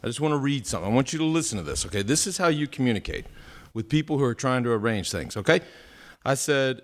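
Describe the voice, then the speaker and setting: A man's voice: medium pitch, quick pace. A male podcast host in his forties, chatting casually and telling stories with lots of stammered restarts and self-mocking jokes. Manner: animated, self-mocking storyteller with many restarts. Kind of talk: casual chat.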